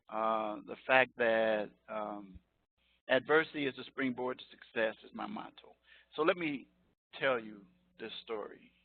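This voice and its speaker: A man's voice: medium pitch, vocal fry. Chatty older man on a tinny line. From Chicago. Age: 60s. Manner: chatty, joking, laughs often, digresses. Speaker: college professor. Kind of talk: informal online lecture. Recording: tinny phone-like line, dry.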